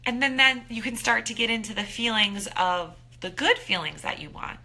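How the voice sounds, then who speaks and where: A woman in her thirties giving an upbeat, animated motivational talk as a wellness coach, acting out her own thoughts. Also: on the high side, normal speed.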